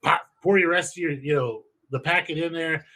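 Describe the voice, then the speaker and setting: A man's voice: a little high, normal speed, bright, forceful tone. A man co-hosting a podcast, chatting casually and profanely, rambling through home brewing steps with emphatic swearing. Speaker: podcast co-host.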